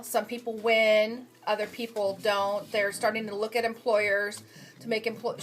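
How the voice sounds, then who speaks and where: Woman recapping her readings on a phone, halting, filler-heavy, mid-pitched. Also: fairly bright tone. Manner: hesitant, frequent ums and restarts. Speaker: human resources student reviewing journal articles. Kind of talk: casual spoken summary of readings. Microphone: phone camera.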